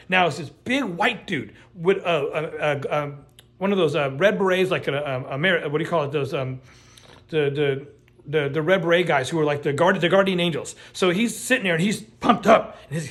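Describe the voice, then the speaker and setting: A middle-aged man telling a true story in a casual, animated way, swearing often and restarting his sentences. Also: fairly high pitch. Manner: animated, profane, lots of restarts and fillers.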